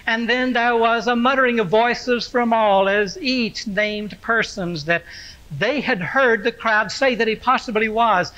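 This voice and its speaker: A man with a rather high, bright voice speaks unhurriedly, recalling events as a preacher playing Simon Peter the fisherman. The telling is reflective and earnest, in the manner of a sermon monologue. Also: highs cut off. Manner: slow, reflective storytelling. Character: Simon Peter, aging fisherman-apostle recalling his past. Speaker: pastor. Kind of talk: first-person character monologue as Simon Peter.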